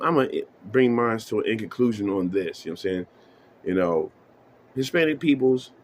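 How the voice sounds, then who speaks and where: Man ranting casually to camera. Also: mid-range voice. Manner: profane, emphatic, repeats "you know what I'm saying". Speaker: vlogger.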